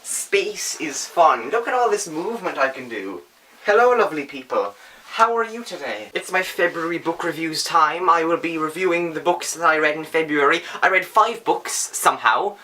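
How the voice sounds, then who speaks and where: A young man chatting through his monthly book reviews with a sharp, bright tone. He swings between dry sarcasm and mock outrage, standing up at home as he talks. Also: a little high, animated, moderate pace, a little hiss or hum. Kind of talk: casual book review vlog.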